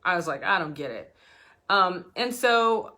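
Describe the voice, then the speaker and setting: Bright-voiced woman business coach. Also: lowish voice, measured pace. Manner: animated storytelling, acts out dialogue. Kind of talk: direct-to-camera business talk.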